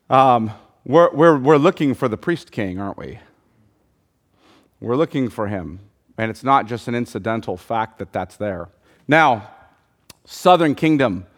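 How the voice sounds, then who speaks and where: Man teaching a Bible class. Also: medium pitch. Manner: thinking aloud, many ums and restarts, quizzing the group. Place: room with a group of listeners.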